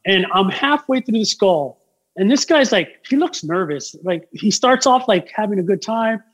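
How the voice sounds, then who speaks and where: High-voiced, rambling tattoo artist man. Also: normal speed. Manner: rambling, animated, lots of fillers. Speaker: tattoo artist and podcast guest. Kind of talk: casual podcast chat, storytelling.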